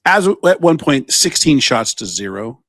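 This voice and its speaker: Guy cohosting a podcast, rambly sports chat, mid pitch, dry mic. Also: very animated, normal speed, fairly bright tone, dry recording. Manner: chatty, breaks off and restarts a lot. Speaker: podcast co-host. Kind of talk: casual chat.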